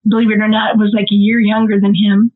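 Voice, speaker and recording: A middle-aged woman with a Midwestern American accent, a nonprofit co-founder and interview guest, telling an emotional family story with animated energy and laughter. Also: mid-range voice, fast. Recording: tinny phone-like call audio.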